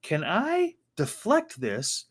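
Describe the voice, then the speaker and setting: Male co-host with a raised, lively voice, animated storyteller in casual chat. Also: fairly high pitch, slow. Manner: animated storytelling with faith talk.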